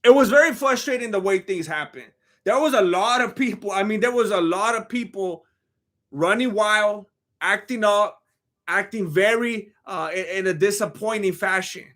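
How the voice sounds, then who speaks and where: A man's voice: high voice, moderate pace, a bit bright. A man streaming live, chatting casually about fights in a rambling, slangy, joking way while reading messages from chat.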